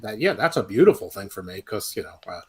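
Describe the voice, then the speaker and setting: A man's voice: lowish voice, very animated, fast talker, fairly bright tone, slightly rough. Wry opinionated man talking wrestling. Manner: wry, opinionated, playful self-described villain. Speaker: podcast co-host, wrestling pundit. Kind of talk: casual wrestling chat.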